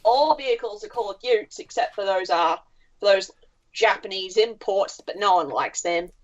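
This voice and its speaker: A woman's voice: mid-range voice, normal speed, muffled recording. A woman with an Australian accent, co-hosting a podcast and telling stories in casual chat with a lot of swearing. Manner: animated storytelling, frequent swearing. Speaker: podcast co-host.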